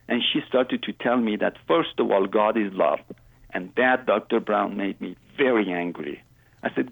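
Husky man on a phone line. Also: lowish voice, no echo. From Iran. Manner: earnest, halting non-native phrasing. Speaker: guest. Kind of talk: personal faith testimony in an interview.

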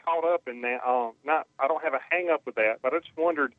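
A man's voice: on the high side, fairly quick, a loud crowd. A man calling in to a radio show, asking questions politely and hesitantly, with many fillers. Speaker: caller. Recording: tinny phone line.

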